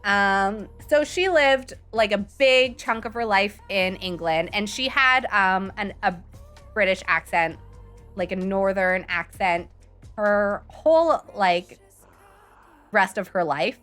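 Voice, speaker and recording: Woman livestreaming a game, chatty and rambling, bright forceful voice, faint music under her. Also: medium pitch, slow. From Canada. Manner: chatty and rambling, answering viewer chat. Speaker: live streamer. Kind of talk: casual chat while livestreaming a game.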